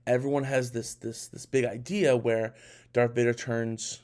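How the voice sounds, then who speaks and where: A young man hosting a casual solo podcast, talking in an animated, incredulous way with rambling restarts. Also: medium pitch, unhurried, clean tone. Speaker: podcast host.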